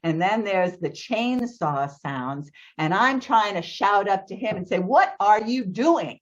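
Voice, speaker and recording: A woman's voice: medium pitch, lively intonation, measured pace. A woman telling a personal story to an audience, vivid and emotional, her voice jumping up at tense moments. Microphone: video call. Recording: slightly dull video call audio.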